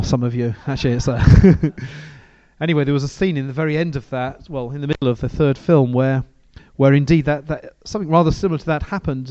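Guy giving a sermon in church, mellow voice, dry and a bit lo-fi, keeps restarting his sentences. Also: medium pitch, no room sound. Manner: conversational, hesitant, frequent restarts. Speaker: preacher. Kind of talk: sermon with bible reading.

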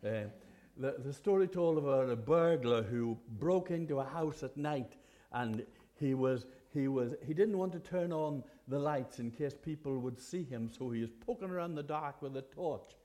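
Man preaching with a warm, mellow voice. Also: mid-range voice, moderate pace. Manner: earnest, conversational, with hesitant restarts. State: occasional cough. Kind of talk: sermon.

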